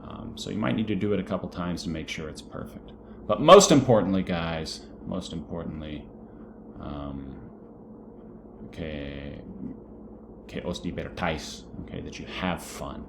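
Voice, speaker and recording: A man with a deep, low voice teaches a recorded lesson to his students. He is friendly and encouraging and walks them through vocabulary aloud. There is a faint hiss of noise behind him. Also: fairly even intonation, moderate pace, vocal fry. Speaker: Spanish teacher.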